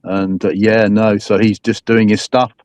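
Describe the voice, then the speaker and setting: A man talks about football in a rambling, hesitant way, with many fillers and restarts. His voice is fairly low and the sound is dry. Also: level tone, a little slow, darkish tone, clean tone, no echo. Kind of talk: casual football chat.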